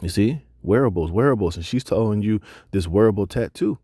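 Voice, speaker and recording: A man's voice: on the low side, animated, brisk, dark tone, slightly rough, dry recording. A man teaching a Bible lesson, reading scripture and then preaching emphatically with casual slang asides.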